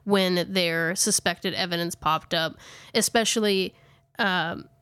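Casual podcast host, woman; smooth voice, chatty with fillers, slightly breathless. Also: fairly low pitch, fairly even intonation, takes it slowly, a bit bright, no echo. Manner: chatty, lots of "like", self-correcting. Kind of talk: casual chat recapping a ghost-hunting video.

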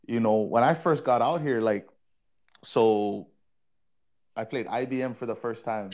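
Podcast co-host, male ex-player from Hawaii, animated storyteller, average pitch, dull-sounding recording. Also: measured pace. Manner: animated, laughing, repeats words while telling anecdotes. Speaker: co-host, former player and coach. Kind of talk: casual storytelling in a podcast chat.

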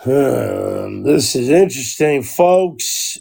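A man's voice: medium pitch, takes it slowly, gravelly, crowd noise. A young man co-hosting a podcast over a phone call, cursing freely and laughing often. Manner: profane, excitable, laughing often. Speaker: podcast co-host. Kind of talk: casual chat.

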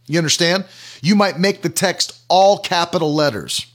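A man's voice: high-pitched, moderate pace, fairly bright tone. A man preaching a sermon, teaching through questions and everyday examples and repeating key phrases for emphasis.

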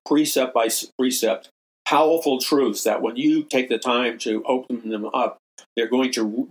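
A man's voice: mid-range voice, poor audio. An older man, a minister and show host, giving impassioned preaching commentary and repeating phrases for emphasis.

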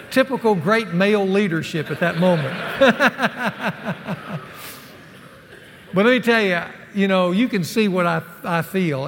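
A middle-aged man preaches to a room of men and spins a personal story with folksy energy. His voice sits a bit high and has a gravelly edge. A long reverb from a large hall trails his words. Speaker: speaker at a men's ministry session. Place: large hall with a live audience.

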